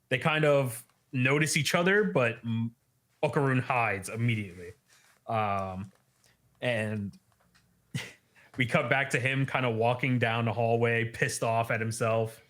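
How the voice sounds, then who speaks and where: A man's voice: mid-range voice, a bit bright. A man hosting a podcast, casually recapping a story chapter and laughing often. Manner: laughs often, loose with fillers. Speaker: podcast host.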